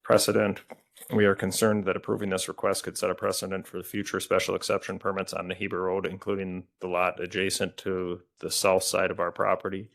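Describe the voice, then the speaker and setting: A man reading written letters aloud into the record at a county committee meeting, in a flat, even manner with occasional stumbles. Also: sits low, a little fast, vocal fry. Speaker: committee staff reading correspondence.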